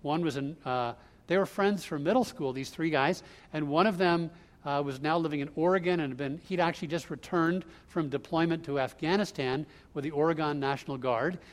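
A man telling a story off the cuff, halting often with fillers and restarts. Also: a little high. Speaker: speaker recounting a news event. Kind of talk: unscripted spoken storytelling.

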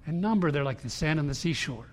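A male pastor preaching to a congregation in a large church room, his somewhat high voice ringing out in long hall reverb. He is emphatic, dropping to a hush and then rising loud. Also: animated, fast. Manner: emphatic preaching, swinging between hushed and loud. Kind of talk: sermon.

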